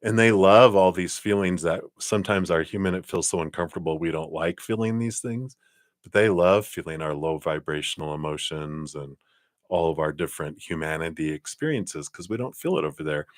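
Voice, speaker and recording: A man's voice: sits low, fairly quick, no room sound, studio quality. A man giving live-stream tarot readings, chatty and upbeat, rambling from card to card. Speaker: tarot reader.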